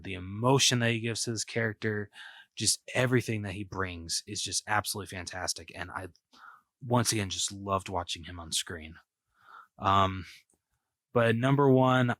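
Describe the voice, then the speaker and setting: Bright-toned man chatting on a podcast. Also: lowish voice, no echo. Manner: rambling, many fillers and restarts. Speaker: podcast co-host. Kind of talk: casual movie discussion.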